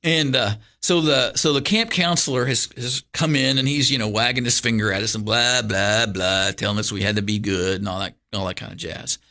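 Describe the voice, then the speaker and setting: A Kentucky man in middle age, speaking with a soft drawl and a bright, forward tone, appears as a guest pastor in a relaxed interview. His fairly low voice moves briskly with hardly a pause as he rambles animatedly through a story, full of fillers and restarts.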